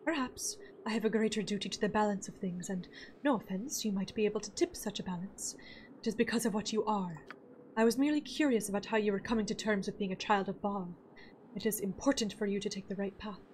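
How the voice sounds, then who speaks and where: A woman voicing a stern female druid who speaks in a lowered, measured, solemn way. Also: a little mellow, a little hiss or hum, natural voice. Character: stern female druid warrior, dry and guarded.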